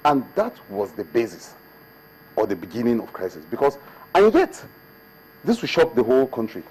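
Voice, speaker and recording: A man's voice: medium pitch, wildly swooping pitch, normal speed, darkish tone, a little hiss or hum, rough recording. A man, a state government commissioner, answering questions as a guest in a TV studio interview, building his case with emphatic repetitions.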